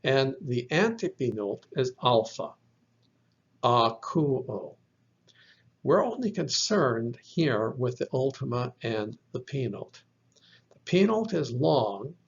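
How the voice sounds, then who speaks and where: A man's voice: mid-range voice, gravelly, slightly rough. A man teaching a recorded language lesson, explaining step by step and repeating each example word. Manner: slow, deliberate explaining with repeated example words. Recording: dull lo-fi recording.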